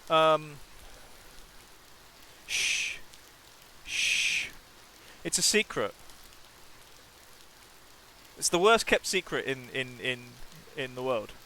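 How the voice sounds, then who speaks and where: A man's voice: medium pitch, big pitch swings, drawn-out words, pauses often, bright, forceful tone, slight background noise. A man streaming a video game, chatting playfully and reading the game's text aloud, often restarting his sentences.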